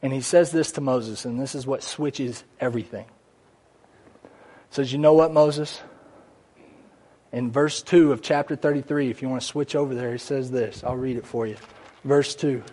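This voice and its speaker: A man's voice: mid-range voice, steady tone, moderate pace, dark tone. A man preaching a conversational church sermon, with asides and small jokes along the way. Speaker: pastor. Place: church sanctuary.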